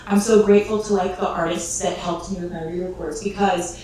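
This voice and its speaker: A woman's voice: on the low side, steady tone, brisk, warm tone. A woman telling an emotional story in an interview, rambling with fillers and restarts and laughing through tears. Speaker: interview guest. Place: clip replayed in a room during a livestream. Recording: echoey, distant playback with faint noise.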